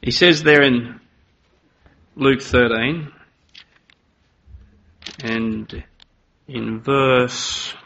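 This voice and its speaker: A man's voice: medium pitch, pushed and bright. A man preaching a sermon in an earnest manner, voice rising dramatically when he acts out quoted lines. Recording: slightly dull, lo-fi sound.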